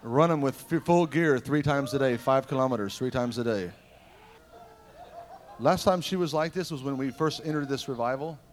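At a moderate pace, a middle-aged revival preacher tells personal stories in a mid-pitched voice. His delivery is animated, moving between loud, ringing declarations and quiet, intimate asides.

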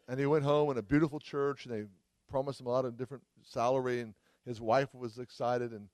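A man's voice: medium pitch, fairly even intonation, brisk, darkish tone, no echo, studio quality. A man preaching a sermon at a church service, fervent, with frequent cries of hallelujah. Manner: fervent, exclaims hallelujah often. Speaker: traveling preacher.

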